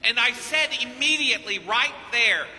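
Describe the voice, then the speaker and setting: Bright, high-voiced preacher man from Kentucky. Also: moderate pace, big-room sound. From Kentucky, United States. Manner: animated storyteller who acts out dialogue. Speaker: priest and missionary preacher. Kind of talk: anecdotal sermon.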